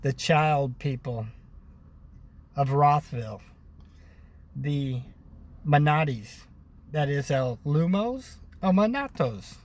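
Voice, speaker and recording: A man's voice: fairly high pitch, lively intonation, takes it slowly, pauses often. Ranting American man vlogging. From United States. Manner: ranting, preachy, repeats himself; addresses viewers as brothers and sisters. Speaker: video blogger. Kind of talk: casual opinion monologue to camera.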